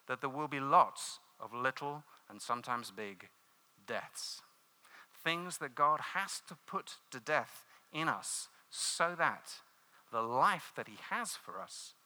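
Earnest, bright-voiced male preacher. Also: medium pitch. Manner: earnest, dramatic storytelling, emphatic repetition. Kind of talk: sermon.

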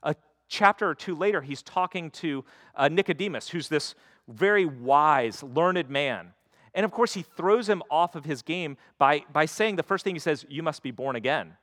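A man's voice: a little high, animated, normal speed, fairly bright tone, no room sound, studio quality. A man preaching a sermon in a conversational way, slipping into quoted voices to act out the stories. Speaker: pastor.

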